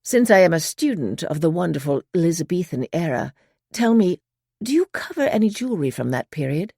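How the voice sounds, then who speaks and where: A woman doing a courteous British gentleman. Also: lowish voice, big pitch swings, slightly rough, no echo, clean studio sound, exaggerated voice. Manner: polite, well-modulated, measured. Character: middle-aged British man, thin, courteous and polished.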